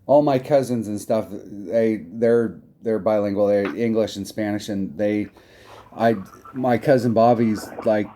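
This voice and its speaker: A man's voice: fairly low pitch, a little slow, background noise. An American man chatting casually while gaming, making self-deprecating jokes. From United States. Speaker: mobile game player.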